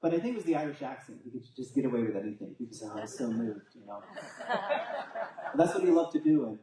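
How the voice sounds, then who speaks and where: A man's voice: fairly high pitch, big pitch swings, fast, background noise. A man giving a rambling, casual talk to a congregation, with filler words and frequent restarts. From United States. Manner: casual, rambling storytelling with fillers and self-corrections. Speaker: teacher at a spiritual community. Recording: echoey hall, voice from far off.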